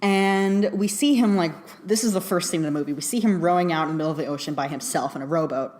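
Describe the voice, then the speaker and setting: A woman giving a casual spoken film review, chatty and excitable, laughing often and full of fillers. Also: on the low side, fast.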